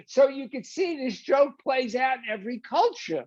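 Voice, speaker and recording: A man's voice: extremely high pitch, very animated, slow pace, no echo, muffled recording. An older man giving a rambling, informal lecture on a film, full of "uh"s and restarts, and acting out scenes as he retells them.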